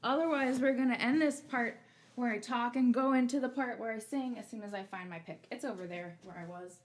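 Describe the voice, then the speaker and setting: A woman's voice: fairly high pitch, brisk. A woman, a musician hosting an online concert, chatting loosely to viewers between songs. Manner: chatty, loose, talks to the audience. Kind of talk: casual chat between songs.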